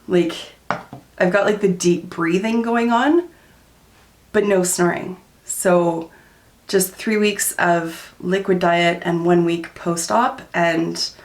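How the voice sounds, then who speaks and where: A woman's voice: lowish voice, creaky, roomy sound. A woman in her thirties chatting candidly while doing her makeup for a vlog, full of "um" and "like". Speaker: beauty vlogger.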